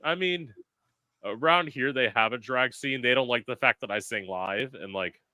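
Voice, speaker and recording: A male podcast host chatting casually, telling animated stories and swearing freely. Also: medium pitch, normal speed, dry recording. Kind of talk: casual chat.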